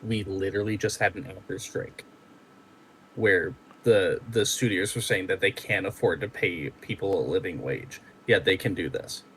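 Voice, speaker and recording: A man co-hosting a podcast, chatting casually and telling stories excitedly. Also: sits low, moderate pace, slight background noise, poor audio. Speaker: podcast co-host. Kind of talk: casual chat.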